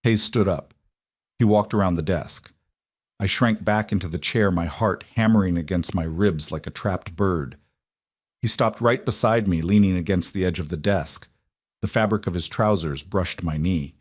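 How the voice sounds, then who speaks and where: A man narrating a first-person romance story in a steady, measured reading. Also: low-pitched, breathy edge.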